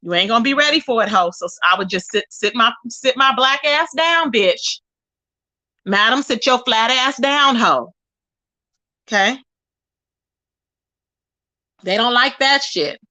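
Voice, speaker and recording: A woman's voice: fairly high pitch, animated, unhurried, long pauses, bright, forceful tone, dry recording. A woman hosting a livestream, ranting with profane, scornful trash talk and sassy asides to her viewers. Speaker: livestream host.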